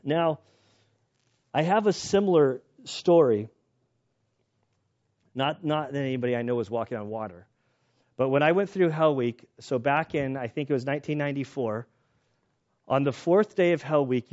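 A middle-aged man preaching a sermon in a conversational, animated storytelling way with restarts. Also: medium pitch, normal speed, pauses often. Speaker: pastor. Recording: dull lo-fi recording.

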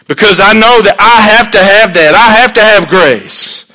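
A man preaching a sermon in an earnest, conversational way, swinging between hushed and emphatic, with folksy asides. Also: high-pitched, moderate pace, low-quality recording.

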